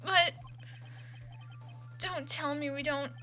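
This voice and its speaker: A woman's voice: high-pitched, steady tone, slow pace, bright, forceful tone, faint music behind, voice pushed down, heavily acted. A woman reading out the lines of a loyal, worried male police detective, in a subdued, apologetic way. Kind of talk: reading game dialogue aloud.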